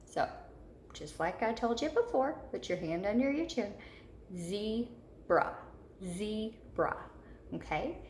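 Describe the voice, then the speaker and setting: A woman teaching a third-grade spelling lesson, patiently repeating each word slowly for young children. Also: on the high side, very animated, a little mellow. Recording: echoey room with faint noise.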